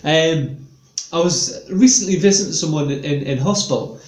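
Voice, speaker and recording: A man's voice: a little high, normal speed, a little mellow. A man telling rambling stand-up stories, chatty and meandering. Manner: chatty, meandering, full of fillers. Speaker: stand-up comedian. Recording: echoey room.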